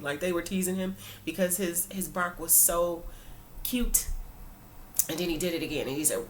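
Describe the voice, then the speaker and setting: A woman's voice: on the low side, normal speed, a little hiss or hum. Earnest woman giving a casual faith talk. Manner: earnest, conversational, preachy; informal phrasing with many fillers. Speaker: Christian vlogger.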